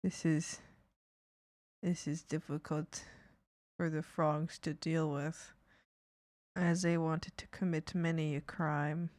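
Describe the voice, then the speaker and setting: A woman's voice: sits low, little pitch movement, takes it slowly, pauses often, a little mellow, no room sound. A woman streamer chatting casually with her viewers while she draws, giggling often and teasing them playfully. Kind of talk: casual live-stream chat while drawing.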